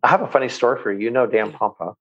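A man of medium pitch tells a long anecdote on a talk show, animated and acting out the voices of the people he quotes. His audio sounds a little dull and lo-fi. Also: rapid-fire, husky. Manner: animated storyteller who acts out quoted voices. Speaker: guest, water company owner. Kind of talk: casual chat, anecdote telling.

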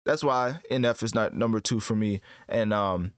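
A man giving casual commentary as host, rambling and correcting himself in relaxed slang. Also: lowish voice, moderate pace, clean tone, no room sound. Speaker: host ranking rappers.

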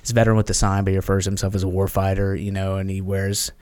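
A man's voice: sits low, little pitch movement, racing, darkish tone. A man, a podcast guest, telling stories in casual chat and acting out quoted voices, with many fillers.

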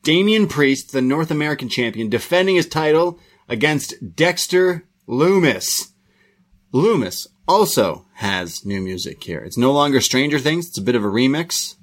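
A man's voice: medium pitch, big pitch swings, moderate pace. A man co-hosting a podcast, giving a rambling, casual play-by-play recap with frequent restarts. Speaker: podcast co-host reviewing wrestling.

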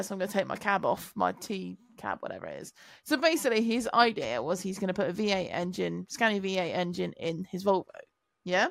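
Gravelly woman chatting on a podcast. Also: fairly low pitch, lively intonation, no room sound. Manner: chatty, quick to joke and swear. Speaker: podcast co-host. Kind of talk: casual chat.

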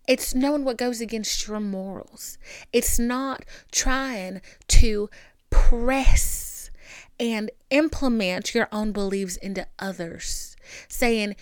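A woman's voice: a little high, slow pace, clear, resonant tone, no room sound, studio quality. A young woman with a Southern country accent hosting a podcast, talking straight to the listener in a sassy, emphatic way. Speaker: podcast host. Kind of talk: casual advice monologue.

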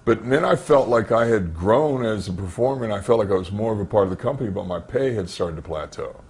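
Animated man telling wrestling stories. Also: lowish voice, quick pace, creaky, slightly rough. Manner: animated storyteller who acts out quoted dialogue. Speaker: retired pro wrestler recounting his career. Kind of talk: interview storytelling.

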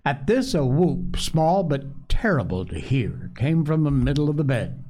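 A man reading a classic children's story aloud, in an unhurried, expressive way. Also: on the high side. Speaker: narrator.

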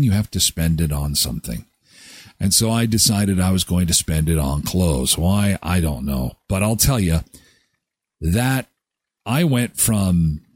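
A man in his thirties hosting a live daily show, chatting casually and joking with lively jumps in his voice. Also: lowish voice, husky, no room sound. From Canada. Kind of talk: casual solo commentary.

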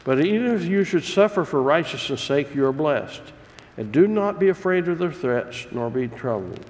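A man's voice: a little high, animated, normal speed, darkish tone. Man preaching in a reverberant hall. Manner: storytelling, folksy and earnest. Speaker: pastor. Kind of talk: sermon. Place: church sanctuary. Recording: long reverb of a large hall.

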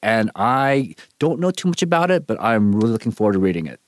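A man's voice: lowish voice, sing-song, fairly quick, dry recording. A man co-hosting a podcast, talking eagerly about a book with some hesitant fillers. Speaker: podcast co-host. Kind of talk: casual podcast discussion.

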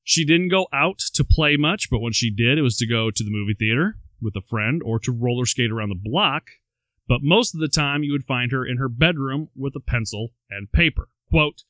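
A man's voice: mid-range voice, animated, normal speed, fairly bright tone, dry recording. A man co-hosting a podcast, telling a life story and reading quotes aloud, with wry asides between them. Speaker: podcast co-host. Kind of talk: storytelling chat.

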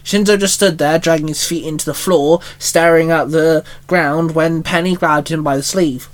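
A man's voice: fairly high pitch, fairly even intonation, normal speed, hardly any pauses. A man narrating a fan-written story, reading plainly with small stumbles and lightly voicing the characters.

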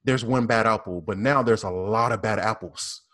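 A man's voice: lowish voice, a bit bright. A man, a police officer, speaking earnestly on a panel discussion, often repeating himself and restarting phrases. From American South. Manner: earnest, repetitive, halting restarts.

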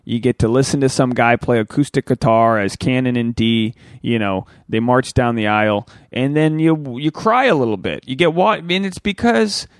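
Gravelly thirties man on a solo podcast. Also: moderate pace, few pauses, no echo, clean studio sound. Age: 30s. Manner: crude, rambling and animated, with loud pitch jumps. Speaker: podcast host.

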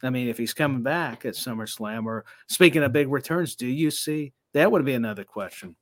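A man's voice: mid-range voice, lively intonation, a little fast. Man stammering through casual podcast chat. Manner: rambling with many restarts and stammers. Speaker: podcast co-host.

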